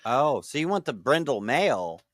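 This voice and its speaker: A man joining a casual group call, throwing in quick joking asides. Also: mid-range voice, very animated, dry recording.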